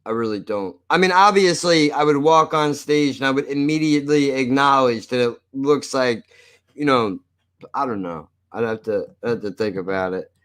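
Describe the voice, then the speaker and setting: A man's voice: mid-range voice, moderate pace, fairly bright tone, clear, resonant tone. A man chatting casually on a live stream. He jokes, swears a lot and laughs often. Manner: profane, joking, laughs often.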